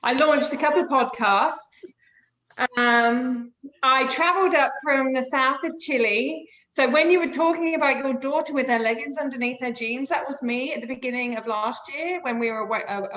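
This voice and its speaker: A woman's voice: on the high side, highs cut off. Chatty British woman on a roomy call. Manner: lively storytelling, laughs a lot. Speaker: guest author. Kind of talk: casual chat.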